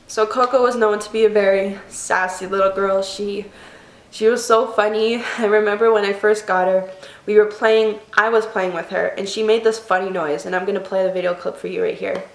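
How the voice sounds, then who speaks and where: A young woman vlogger telling a personal story in an emotional, tearful, halting way. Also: medium pitch. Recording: echoey room.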